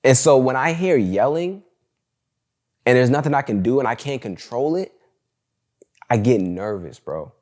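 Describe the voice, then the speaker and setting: A man's voice: mid-range voice, expressive, measured pace, pauses often, a little mellow. A young man hosting a solo podcast, talking casually and candidly in slangy storytelling, with "bro" and "like" all through his speech. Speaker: podcast host.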